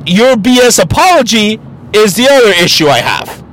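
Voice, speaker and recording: Podcast host, male, high voice, blunt and profane opinion monologue. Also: very animated, normal speed, fairly bright tone, a little hiss or hum, rough recording.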